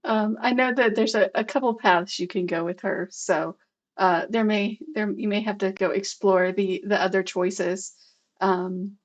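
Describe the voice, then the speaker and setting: A woman hosting an interview in casual chat, halting, with many fillers and restarts. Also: medium pitch. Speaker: host.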